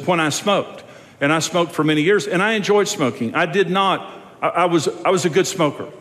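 Male pastor, higher-pitched voice, conversational preaching in a long-reverb auditorium. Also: brisk, fairly bright tone. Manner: conversational preaching, rising to emphatic. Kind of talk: sermon.

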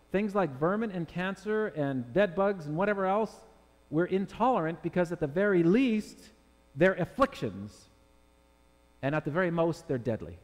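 Male pastor, slightly high voice, emphatic sermon delivery, long reverb of a church hall. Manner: emphatic preaching, rhetorical questions to the congregation. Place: church sanctuary with congregation.

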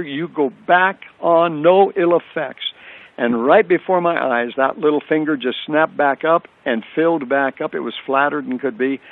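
An older man tells a personal faith story as a radio guest, earnest and repeating phrases for emphasis. His voice sits at an ordinary pitch for a man. It comes through a thin, tinny phone line.

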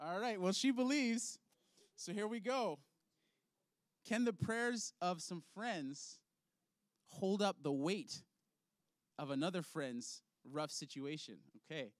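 A playful man runs a hands-on faith lesson for children and laughs easily with his young volunteers. His voice sits fairly high. The sound is dry, with little room echo. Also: slow pace, long pauses. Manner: upbeat, playful, laughs often. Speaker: children's ministry leader. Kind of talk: object lesson for kids.

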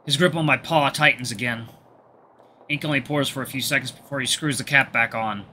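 Bright-voiced man reading a game story. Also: medium pitch, fairly quick, a little hiss or hum. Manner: relaxed, chatty asides. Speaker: gaming video host. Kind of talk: reading a visual novel aloud.

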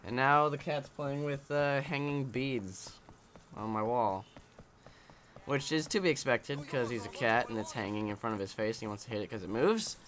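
A man's voice: medium pitch, moderate pace, fairly bright tone, a little hiss or hum. A man giving casual let's-play commentary while he games, rambling, joking and swearing. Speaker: gameplay commentator.

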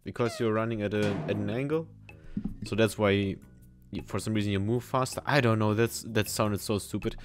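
Excitable self-mocking gaming man. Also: fairly low pitch, normal speed, over music. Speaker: gaming YouTuber. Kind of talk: let's-play commentary.

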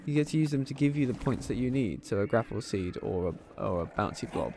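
A man's voice: medium pitch, animated, quick pace, creaky, darkish tone, a little hiss or hum. A man hosting a gaming channel, chatting casually and enthusiastically over his gameplay with frequent ums.

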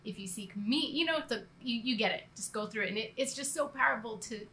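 Bright-voiced earnest woman teaching. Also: on the high side, fast talker, slight background noise. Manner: earnest, rambling, laughs at herself. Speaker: church co-leader. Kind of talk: conversational church teaching.

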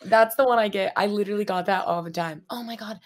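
A young woman in her twenties, co-hosting a casual podcast chat, animated and giggly, acting out what people say. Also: medium pitch, fast talker. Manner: animated, giggly, acts out quotes. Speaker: podcast co-host.

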